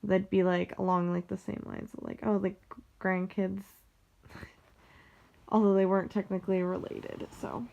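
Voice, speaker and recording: Mellow and a little slow, this young woman's medium-pitched voice barely moves in pitch, with vocal fry and frequent pauses over dull-sounding audio. She's a vlogger with a General American, Western US accent, casually rambling about her family, restarting often and saying "like" all the time.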